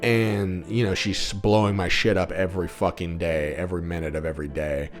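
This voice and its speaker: Deep-voiced guy ranting a crude funny storytime, lots of swearing, soft guitar music under it. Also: fairly even intonation, fairly quick. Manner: crude, profane, sardonic. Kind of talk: comedic storytime monologue.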